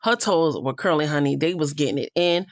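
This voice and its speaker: Woman, low-pitched, gossipy reality show recapper, dry close sound. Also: a little fast, no echo. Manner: chatty, gossipy, with frank asides. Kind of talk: casual recap commentary.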